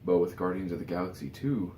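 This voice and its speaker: A man's voice: deep voice, quick pace, dark tone, roomy sound, slight background noise. A tired man giving his casual opinions in a rambling vlog, full of fillers and restarts. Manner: rambling, many "you know" fillers and restarts. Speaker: vlogger.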